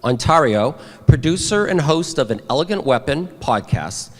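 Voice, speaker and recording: A man's voice: a little high, animated, normal speed. A man introducing the next presenter from a convention stage in a formal, announcing manner. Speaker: awards founder introducing the presenter. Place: large convention hall stage. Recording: long hall reverb, heard from afar.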